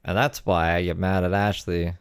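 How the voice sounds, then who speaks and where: A man's voice: low-pitched, flat delivery, normal speed, smooth, no echo, studio quality. A man hosting a live stream, chatting casually and thanking donors. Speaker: stream host reacting to a video.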